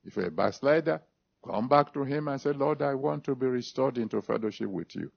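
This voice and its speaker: A man's voice: mid-range voice, a little fast, gravelly, breathy edge. A man preaching a sermon, stressing and repeating scripture references, then leading an altar call and prayer. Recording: dull lo-fi recording.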